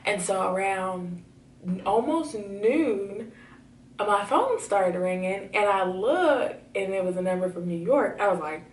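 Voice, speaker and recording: A woman's voice: mid-range voice, measured pace. Chatty young woman vlogging, roomy. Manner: chatty, many fillers, excited. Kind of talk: casual storytelling to camera. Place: home room. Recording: roomy, slightly distant camera audio.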